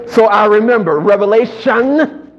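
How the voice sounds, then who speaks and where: This sermon comes from a male preacher whose high voice keeps a measured pace before a live congregation at a church service. Joking, playful asides mix with call-and-response moments, and the recording is a bit dull with faint background noise.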